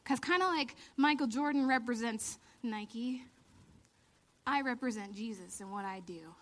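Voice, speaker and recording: A woman in her thirties giving a lively storytelling sermon, laughing often and acting out the lines she quotes. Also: on the high side, unhurried. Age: 30s. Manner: animated, laughing storyteller who acts out quotes. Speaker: church speaker.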